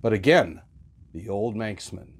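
Expressive man reading a novel aloud. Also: fairly low pitch, unhurried, a little hiss or hum. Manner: expressive, varied delivery. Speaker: reader.

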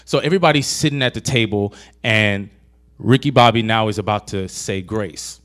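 A man's voice: lowish voice, moderate pace, fairly bright tone. A man preaching a casual, conversational sermon to a young adult group, asking the audience questions and retelling film scenes. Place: church hall.

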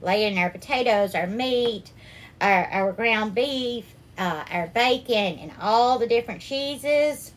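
A woman hosting a live cooking stream, warmly greeting viewers by name and calling them darling and sweetheart. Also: on the high side, slow pace. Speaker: cooking livestream host.

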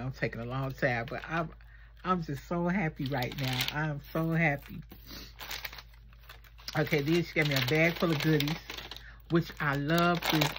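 A woman vlogger chatting casually through a gift unboxing, gushing and excitable. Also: low voice, background noise. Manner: gushing, excitable, talks to viewers as girl and y'all. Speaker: craft vlogger unboxing swap gifts.

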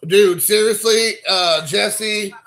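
A man in his thirties hosting a casual stream while opening trading card packs, excitable and rambling, calling people dude. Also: high-pitched, takes it slowly, faint music behind, poor audio. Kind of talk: casual live-stream chat.

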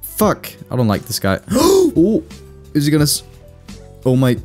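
A young man narrates his match in real time, swearing freely and reacting loudly to every fight. His voice swings widely up and down as the action shifts. Soft game music sits underneath. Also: medium pitch, very animated, normal speed. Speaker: gaming YouTuber. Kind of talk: live gameplay commentary.

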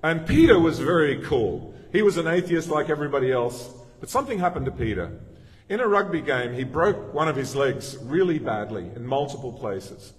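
A middle-aged man preaches a sermon in a relaxed, anecdotal way, restarting sentences as he goes. His voice sits fairly high for a man. The sound carries the long reverb of a church hall. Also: normal speed. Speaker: pastor.

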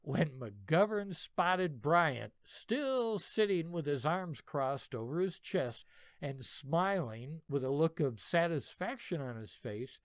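A man in his seventies, a veteran narrating a personal army story in a slow, expressive way. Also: fairly high pitch, no echo, studio quality. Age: 70s. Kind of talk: reading a personal war story.

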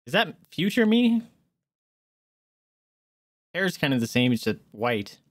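Excitable swearing woman streamer. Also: low voice, slow pace, no room sound, studio quality. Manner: excitable, swearing, reacting loudly. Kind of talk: casual gameplay commentary.

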